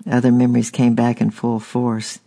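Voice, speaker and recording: Gravelly steady male narrator. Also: mid-range voice. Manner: steady and unhurried with small restarts. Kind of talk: audiobook narration.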